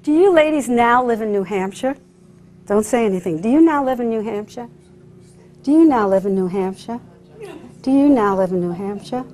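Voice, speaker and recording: A woman's voice: fairly high pitch, animated, moderate pace, a little mellow, slight background noise. A woman hypnotist leading a live stage demonstration, coaxing volunteers with sing-song repeated phrases. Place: room with a live audience.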